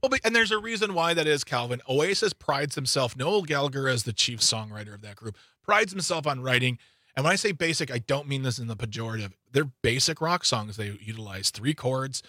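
A man hosting a talk radio show, bantering with his co-host in a playful, animated way. His pitch sits in a middle range but jumps upward when he teases. The studio sound is close and dry. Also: a little fast, dry recording. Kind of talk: casual radio chat. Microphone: studio microphone.

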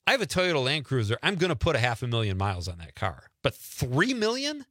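A man hosts a radio show with a joking, animated delivery. His pitch leaps around expressively and his tone is bright and forward. The sound is dry, close studio audio. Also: fast talker, dry recording. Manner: jokey, animated, laughs often. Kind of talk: casual radio banter.

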